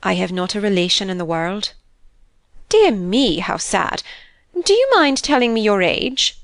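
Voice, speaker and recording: A woman's voice: medium pitch, very animated, a little slow, no echo. A woman voicing a fussy, complaining older aristocratic mother in an audiobook, speaking in an injured, fretful tone. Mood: prying.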